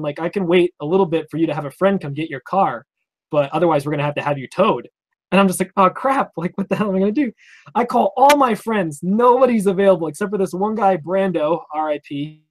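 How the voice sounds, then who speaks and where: Fast-talking young man telling stories. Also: a little high. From Vermont. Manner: rambling, animated, acts out quoted cops. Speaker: interview guest. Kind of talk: casual storytelling.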